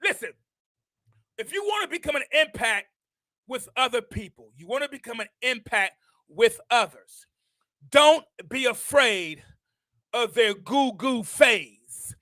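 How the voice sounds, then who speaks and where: An older man hosting a show, preaching a motivational message with impassioned repetition that rises into shouts. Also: very high voice, animated, unhurried, long pauses, no room sound. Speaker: host.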